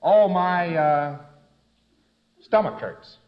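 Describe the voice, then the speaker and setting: A man's voice: high-pitched, expressive, drawn-out words, a crowd in the background, heavily acted. A man voicing a young boy who pretends to be sick, whining and stammering. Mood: whiny. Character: whiny young boy faking sickness. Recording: dull lo-fi recording.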